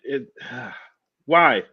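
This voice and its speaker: A man's voice: medium pitch, expressive, drawn-out words, slightly rough. A man co-hosting a casual talk show, incredulous and sarcastic about what he reads. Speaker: co-host. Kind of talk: casual chat. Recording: dull lo-fi sound.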